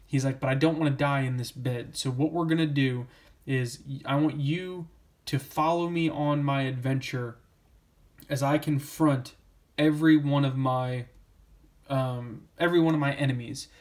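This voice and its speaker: A man's voice: medium pitch, fairly even intonation, normal speed, darkish tone. A man giving a casual comic book review, rambling with many fillers and restarts.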